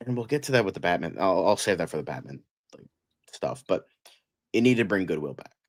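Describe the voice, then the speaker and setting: A man's voice: deep voice, very animated, fairly quick. A man co-hosting a casual live-stream chat, rambling with lots of fillers and frequent swearing. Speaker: co-host.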